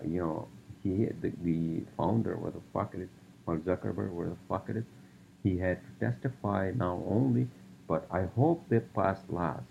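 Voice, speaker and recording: A man's voice: low-pitched, vocal fry, a little mellow. A man hosting a solo podcast, ranting and rambling with heavy swearing and many fillers, on a dull lo-fi recording. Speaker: podcast host. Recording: dull lo-fi sound with faint noise.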